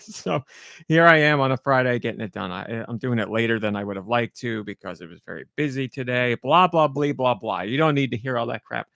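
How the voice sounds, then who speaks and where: A middle-aged man chatting casually on his podcast, rambling and poking fun at himself. His mid-range voice has a gravelly fry at the ends of phrases. The sound is close and dry, with no room around it. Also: medium pitch, brisk, a bit bright, no echo. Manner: rambling, self-deprecating, chatty. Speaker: podcast host. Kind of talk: casual solo podcast chat.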